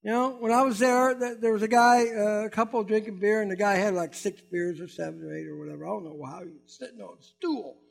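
A man's voice: high voice, fast talker, creaky, hardly any pauses, soft background music. A man preaching a conversational sermon as a pastor, acting out quoted voices and building to emphatic peaks.

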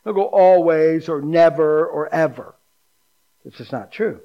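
A middle-aged man preaching as a pastor, animated and folksy, dropping to a hushed low voice for emphasis. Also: unhurried, highs cut off. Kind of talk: sermon.

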